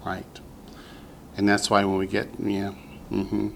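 A man teaching a Hebrew vocabulary lesson to a class, patient and slow, repeating each word for the students. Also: lowish voice, completely flat delivery, gravelly, a bit bright, slight background noise.

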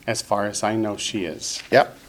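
A man teaching a Hebrew vocabulary lesson to a class, patient and slow, repeating each word for the students. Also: lowish voice, fairly even intonation, a little hiss or hum.

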